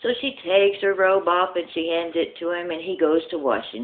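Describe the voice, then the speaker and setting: A woman telling a long joke casually, laying out the story step by step. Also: lowish voice. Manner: drawn-out, listing storyteller pacing. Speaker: joke teller. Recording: tinny phone-like audio.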